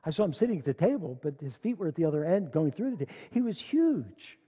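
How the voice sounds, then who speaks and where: Older man, sermon, storytelling, slightly high voice, long hall reverb, dull muffled sound. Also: sing-song, fast talker, slightly rough. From Philadelphia. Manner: storytelling, rising loud when reading scripture. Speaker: congregation leader. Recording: dull echoey church hall recording.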